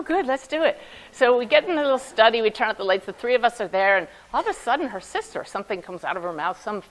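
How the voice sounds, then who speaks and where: A woman who works as a spiritual medium gives a talk, telling an audience a personal story and acting out the voices in it. She's a lively storyteller with a fairly high pitch, though the audio is poor.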